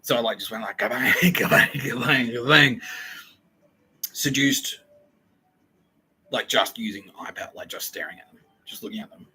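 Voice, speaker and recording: A man talks through a long, profane monologue, jumping between loud bursts and quiet mutters. His voice sits low but sounds very bright and forward. A faint noise hangs behind the recording. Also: moderate pace, long pauses, poor audio. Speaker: podcast host. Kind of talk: rambling monologue.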